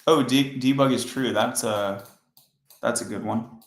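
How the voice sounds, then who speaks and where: Male coding streamer, sleepy and monotone, some vocal fry, roomy echo. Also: medium pitch, measured pace, slight background noise. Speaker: software developer teaching on a live stream. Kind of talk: casual live coding stream.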